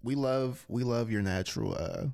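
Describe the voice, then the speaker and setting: Young male co-host, mid-pitched voice, relaxed teasing banter. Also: moderate pace, vocal fry, clear, resonant tone. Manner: easygoing, teasing, reads questions aloud. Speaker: podcast co-host. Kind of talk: casual chat.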